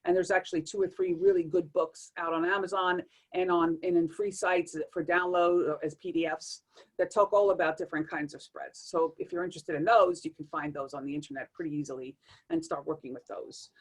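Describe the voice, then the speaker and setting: A woman's voice: lowish voice, brisk. A woman being interviewed as a tarot reader, explaining how readings work and acting out little exchanges as she goes. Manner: animated, acts out readings in quoted asides.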